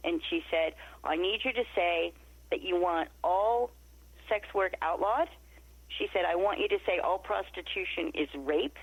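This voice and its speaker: A woman's voice: fairly low pitch, a little slow, slightly rough, no room sound. A middle-aged woman from Nevada, a podcast interview guest telling a story and acting out the quoted dialogue. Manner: animated, acts out quoted dialogue. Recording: muffled lo-fi remote audio.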